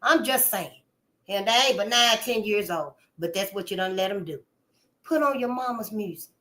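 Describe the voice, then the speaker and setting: A woman from Memphis, hosting a casual, animated monologue, calling listeners honey and swearing freely. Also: mid-range voice, moderate pace. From Memphis, Tennessee. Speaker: channel host.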